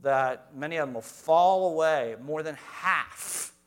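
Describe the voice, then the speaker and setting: A male pastor preaching in church, his voice sitting a little higher than most men's. He shifts from hushed, low asides to loud, emphatic lines and talks straight to the congregation. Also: slow pace, smooth. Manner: reads scripture aloud, addresses congregation directly. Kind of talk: sermon.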